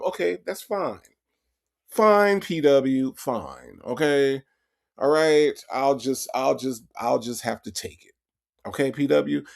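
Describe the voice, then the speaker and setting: A man hosting a casual livestream, reacting with animated, profane commentary and talking straight to his chat, often repeating himself. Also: mid-range voice, gravelly.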